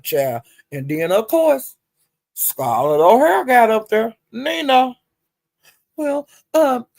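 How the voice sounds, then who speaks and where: A woman's voice: mid-range voice, gravelly, no echo. A woman gossiping on a casual livestream, sassy and profane, with drawling "well, honey" asides. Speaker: livestream commentator.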